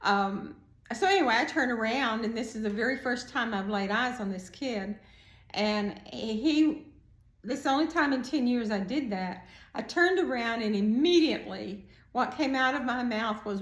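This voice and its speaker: A middle-aged woman telling a personal story as a prison art teacher, animated, raising her voice when she acts out what people said. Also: normal speed. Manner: animated, acts out quotes with raised pitch. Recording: echoey room.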